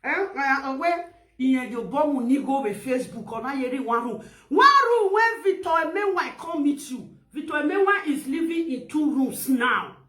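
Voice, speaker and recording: A high-pitched Nigerian woman with an Edo accent rants loudly and laughs as she talks. Her voice is bright and sharp, mixing Pidgin with a local language. It bounces around an echoey room. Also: lively intonation, normal speed. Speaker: social media vlogger. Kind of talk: animated casual rant.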